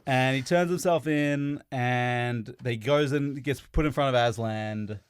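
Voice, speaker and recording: A man's voice: mid-range voice, measured pace, smooth. A man on a casual podcast, retelling a story in a rambling way, swearing and laughing as he goes.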